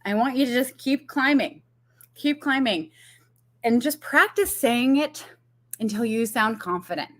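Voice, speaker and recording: A woman's voice: on the high side, lively intonation, a little slow. A woman business coach giving a casual live-streamed talk, chatty with fillers and frequent laughs.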